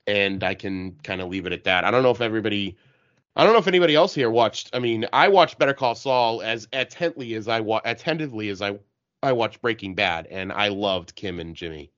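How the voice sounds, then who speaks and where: Excited halting man with hiccups. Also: on the low side. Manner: enthusiastic, halting, heavy fillers. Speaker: podcast panelist. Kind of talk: casual chat. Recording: dull lo-fi audio.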